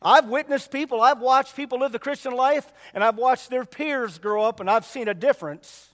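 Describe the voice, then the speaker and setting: Man, preacher, very high voice, long church reverb, folksy emphatic sermon. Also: normal speed, a bit bright.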